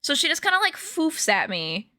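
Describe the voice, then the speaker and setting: A young woman with a bright, slightly high voice talks casually to her stream viewers from home. She rambles through a story, full of "like" and "um". The sound is close and dry, with no room echo. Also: very animated, moderate pace. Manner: chatty, rambling storytelling with many fillers and laughs.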